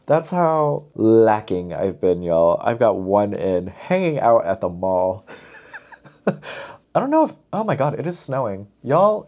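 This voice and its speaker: Young male vlogger, slightly low voice, chatty and animated, talks straight to viewers. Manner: chatty, animated, says "y'all" a lot, frequent laughs. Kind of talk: casual chat to camera. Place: lives in Seoul.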